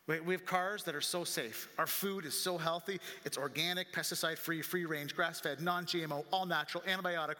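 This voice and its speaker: A male pastor preaching a sermon, animated and full of rhetorical questions. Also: a little high. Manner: animated, acts out quoted voices, rhetorical questions. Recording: long reverb of a large hall.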